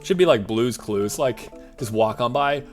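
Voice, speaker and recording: A VTuber streams a farming game live, talking to himself in a rambling, jokey way and wandering off on lots of side tangents. His voice is medium in pitch with lively intonation and an unhurried pace. Soft music plays underneath.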